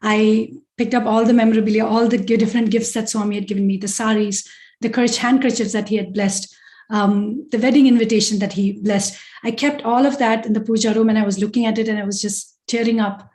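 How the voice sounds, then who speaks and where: A woman's voice: on the high side, flat delivery, brisk, a little mellow. Earnest middle-aged woman sharing testimony. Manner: heartfelt, earnest storytelling. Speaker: guest speaker at a devotional gathering. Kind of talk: personal spiritual testimony. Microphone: video call.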